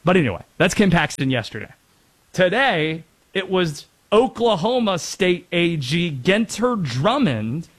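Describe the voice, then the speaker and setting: A man from North Carolina hosting a casual sports talk show, chatty with rambling asides. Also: sits high. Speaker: sports radio host.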